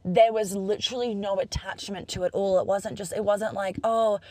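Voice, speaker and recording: A woman's voice: mid-range voice, fairly even intonation, moderate pace, mellow, dry recording. A young Australian woman with an Australian accent, talking casually to camera in a chatty, upbeat, profane way and acting out bits of dialogue.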